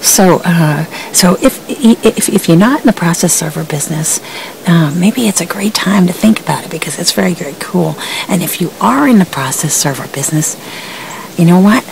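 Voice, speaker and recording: A woman with a low, gravelly voice tells process-serving stories in a loose, rambling way, full of fillers and little laughs. She sounds set back from the microphone, with a faint hum of ambience behind her. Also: lively intonation, normal speed, far from the mic, rough recording. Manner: rambling, chatty, many fillers and restarts; laughs between sentences. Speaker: process server promoting a servers' site. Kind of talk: casual storytelling vlog.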